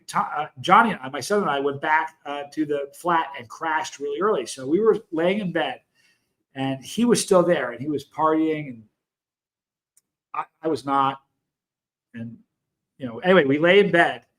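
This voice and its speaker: A man's voice: a little high, animated, normal speed, fairly bright tone. A middle-aged man hosting a hot sauce live stream, chatting casually with viewers and telling long, rambling stories full of asides. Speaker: hot sauce show host.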